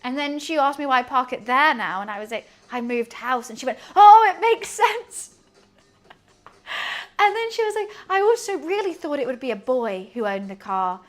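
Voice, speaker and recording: A young woman streaming and chatting casually, telling a story with quick asides and frequent laughs. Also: high-pitched, expressive, fairly bright tone. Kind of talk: casual chat to a stream audience.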